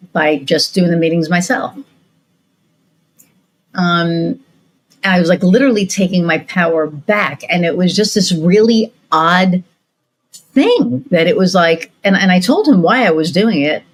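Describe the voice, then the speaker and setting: A woman's voice: on the low side, lively intonation, unhurried, pauses often, low-quality recording. A woman hosting a podcast, chatting casually and telling a story with lots of fillers and restarts. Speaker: podcast host. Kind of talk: casual interview chat.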